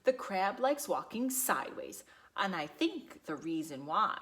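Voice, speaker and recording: A woman teacher reading a picture book aloud to young children, animated and sing-song, slipping into whispers and gasps. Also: lowish voice, measured pace. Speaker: preschool teacher.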